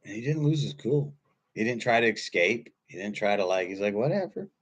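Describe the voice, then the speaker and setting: A man in his fifties giving a casual sermon, telling stories in a husky voice that swings from quiet asides to loud bursts. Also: fairly low pitch, a little fast. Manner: animated storytelling, swings from quiet to loud, laughs often. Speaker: pastor.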